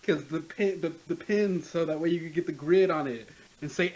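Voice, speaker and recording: A young man co-hosting a casual podcast chat, animated and playfully teasing. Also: high-pitched, moderate pace, poor audio. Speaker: podcast co-host.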